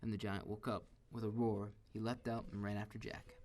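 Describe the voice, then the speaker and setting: A man reading a children's story aloud in a steady, expressive way. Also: on the low side, brisk.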